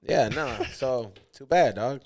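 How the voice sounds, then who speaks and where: A man's voice: medium pitch, takes it slowly. A man co-hosting a podcast, telling stories in loose, slangy casual chat. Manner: loose, slangy, animated storytelling. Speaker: podcast co-host.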